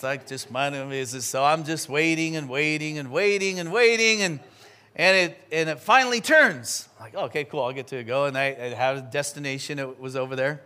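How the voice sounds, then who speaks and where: A man, a pastor, preaching a sermon and telling a personal story in a lively, chatty way. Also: on the high side. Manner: animated storytelling with quick asides.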